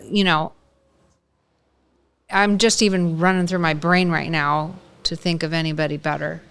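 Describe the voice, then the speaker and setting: Chatty, effusive woman host, smooth low voice. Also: steady tone, measured pace, a bit bright. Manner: effusive, praising, chatty with restarts. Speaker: podcast host. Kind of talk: conversational interview.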